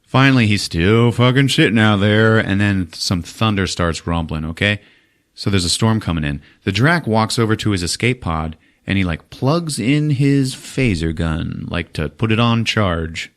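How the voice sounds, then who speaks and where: A man hosting a podcast, retelling a movie in profane, animated casual chat. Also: on the low side, normal speed. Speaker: podcast host.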